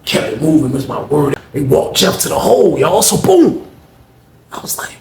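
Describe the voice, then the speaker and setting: Gravelly guy rattling off a street story quick, echoey room, faint hum in the back. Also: on the high side. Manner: animated slang-heavy telling, acts out quarrels loudly. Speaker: storyteller host. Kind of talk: casual storytelling.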